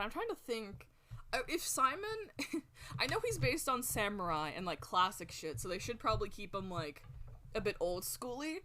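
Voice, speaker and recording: Excitable, foul-mouthed young woman streamer. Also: medium pitch, a little hiss or hum. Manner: excitable, rambling, swears constantly. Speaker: art streamer. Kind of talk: casual chat while drawing on stream.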